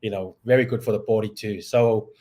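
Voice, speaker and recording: A man co-hosting a casual chat, relaxed, laughing easily and speaking haltingly. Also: lowish voice. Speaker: co-host.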